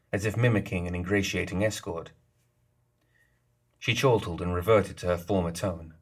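Low, husky male audiobook narrator. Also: normal speed. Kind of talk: scripted narration.

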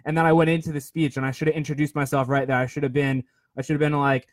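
A man's voice: on the high side, fairly even intonation, quick pace, no echo, clean studio sound. A man in his twenties telling a rambling, self-deprecating story in casual chat, with lots of fillers and restarts. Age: 20s. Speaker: podcast host.

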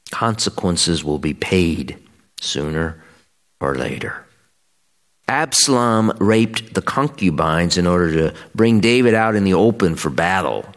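A priest gives a homily in a very deep, low voice. He reads the scripture in a measured, solemn way. Then he explains it in a plainer preaching tone. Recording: radio broadcast.

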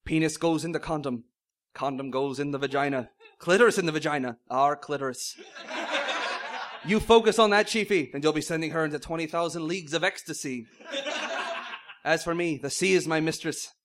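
A man voicing a boastful, grizzled old male sea captain with a low, gruff drawl. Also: brisk, fairly bright tone, close to an everyday voice. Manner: bellowing orders.

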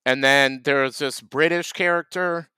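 Deadpan man, smooth dry voice. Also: on the high side, normal speed, dry recording. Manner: deadpan, playing a food vendor. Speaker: comedy podcast host. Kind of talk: improvised comedy sketch.

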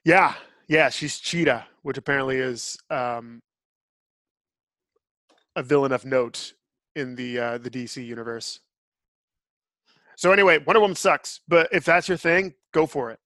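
A man's voice: mid-range voice, measured pace, pauses often, pushed and bright, dry recording, clean studio sound. A man hosting a podcast, giving blunt, opinionated reviews in casual chat. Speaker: podcast host.

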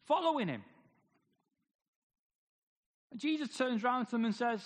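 A man's voice: very high-pitched, lively intonation, normal speed, long pauses. A man preaching a sermon, firing off rhetorical questions with wry humor. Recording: long hall reverb.

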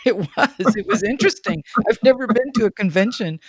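A man's voice: high voice, animated, fairly quick, breathy edge, no room sound. A man chatting casually in an earnest, conversational way.

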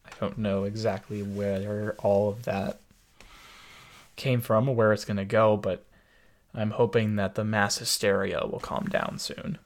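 A man co-hosting a podcast in a casual chat, measured and wry, sometimes acting out quoted voices. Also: on the low side, flat delivery. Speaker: podcast co-host.

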